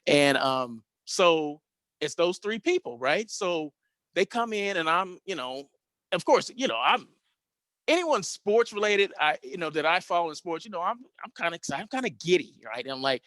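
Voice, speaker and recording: A man in his fifties hosting a show, telling a personal anecdote in a casual, animated way with frequent tag questions. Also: on the high side, moderate pace, dry recording. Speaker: host.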